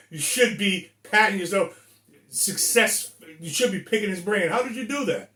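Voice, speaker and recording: A man's voice: high voice, lively intonation, unhurried, sharp tone. A man in his sixties from Rhode Island, ranting bluntly and emphatically to the camera with plenty of profanity. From Rhode Island, USA. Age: 60s. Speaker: vlogger. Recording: echoey room.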